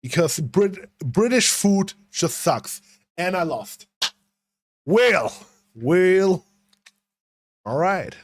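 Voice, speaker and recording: Young male streamer, casual rambling commentary, frequent swearing, slightly high pitch, dry sound. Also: sing-song, extremely slow, pauses often, no room sound. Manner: swearing, rambling, talking to chat.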